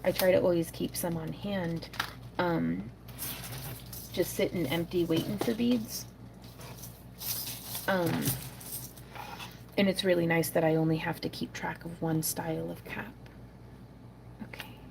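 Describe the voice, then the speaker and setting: A middle-aged woman hosting a crafting livestream, chatting casually and muttering soft asides to herself while she works. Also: lowish voice, fairly even intonation, measured pace, creaky, long pauses, background noise.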